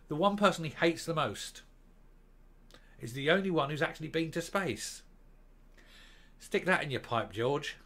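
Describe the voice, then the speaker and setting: A man's voice: a little high, fairly bright tone. A man delivering a scornful, sarcastic commentary monologue as a vlog host. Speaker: commentary vlogger.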